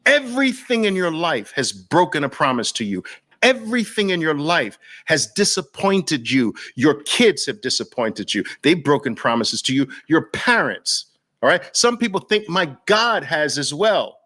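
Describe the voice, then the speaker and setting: A man's voice: a little high, big pitch swings, moderate pace, sharp tone. A man with a Brooklyn accent hosting an impassioned, preachy talk to camera, hammering points home through repetition. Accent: New York, Brooklyn. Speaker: host.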